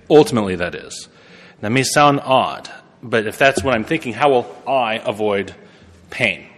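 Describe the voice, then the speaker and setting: Male preacher, conversational sermon, mid pitch, long church reverb. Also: a bit bright. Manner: conversational, self-correcting, laughs at himself.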